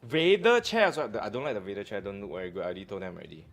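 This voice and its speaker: A man's voice: fairly low pitch, lively intonation, racing. A man in his thirties with a Malaysian English accent, casually hosting a live-stream chat and teasing his co-host. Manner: joking and teasing, loud bursts, slang particles like "lah". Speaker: show host.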